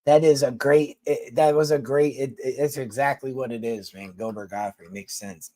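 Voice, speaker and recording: A man's voice: mid-range voice, steady tone, moderate pace, mellow, dry recording. A man from New York City with a Philadelphia accent, chatting casually with viewers on a livestream in a blunt, rambling, profane way.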